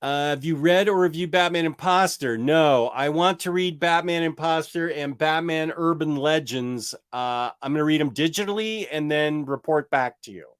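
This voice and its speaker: A man's voice: a little high, moderate pace, few pauses, clear, resonant tone. A man hosting a casual comic book livestream, rambling and joking as he answers viewer questions and stumbles over words. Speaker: comic book channel host.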